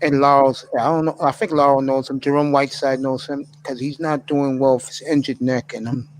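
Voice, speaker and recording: A man's voice: medium pitch, flat delivery, fairly quick, a little hiss or hum, rough recording. A man hosting a live stream in casual chat, effusive and openly emotional as he thanks his friends.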